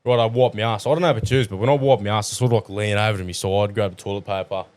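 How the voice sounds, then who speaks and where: Crude, swearing Australian tradie bloke. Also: male voice, lowish voice, very fast, no room sound. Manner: crude, swearing, animated storyteller. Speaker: podcast co-host. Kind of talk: casual podcast chat.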